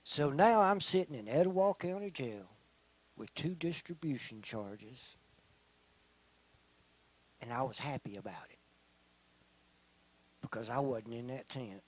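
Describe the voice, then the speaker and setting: A middle-aged man giving a personal testimony in church, telling his story slowly and earnestly, often dropping to a quiet voice. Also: mid-range voice, breathy edge, poor audio. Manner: slow, earnest storytelling with quiet, soft-spoken stretches. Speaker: testimony speaker.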